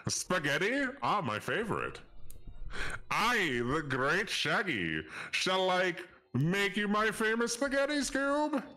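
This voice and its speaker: A dopey young cartoon slacker, high and swooping, dragging each word out and lowing like a cow after it. Soft music plays underneath. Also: male voice, very animated, slow pace, long pauses, heavily acted. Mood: goofy. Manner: tacks a cow moo onto every word. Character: goofy dim-witted young male cartoon slacker who moos. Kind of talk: comedic character voice on a live stream.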